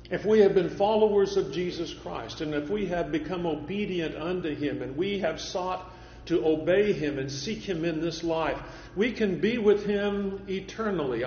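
Male preacher, slightly high voice, measured repetitive sermon delivery, reverberant church hall, dull lo-fi recording. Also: darkish tone, slight background noise. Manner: measured preaching, repeats phrases for emphasis. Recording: echoey hall, dull lo-fi sound.

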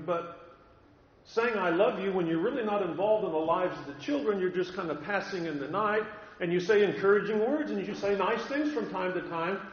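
High-voiced preacher in an echoey hall. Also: male voice, dull audio. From California. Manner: earnest storytelling, emphatic repetition. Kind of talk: sermon.

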